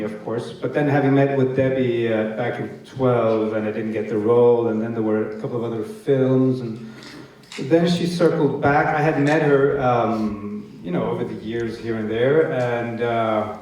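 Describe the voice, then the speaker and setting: A man's voice: mid-range voice, a little mellow. Actor guy telling stories onstage, lots of ums and laughs, big echoey room from a distance. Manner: rambling, hesitant, laughing often. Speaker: actor guest. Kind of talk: stage interview anecdote. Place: festival stage event. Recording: echoey hall, distant mic.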